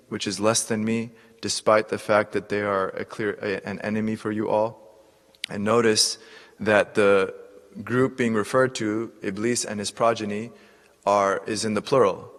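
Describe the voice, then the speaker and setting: A man teaching Quran exegesis in a lecture, explaining patiently with repeated words and quick Arabic recitations. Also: on the low side, a bit bright, long reverb tail. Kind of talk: classroom lecture.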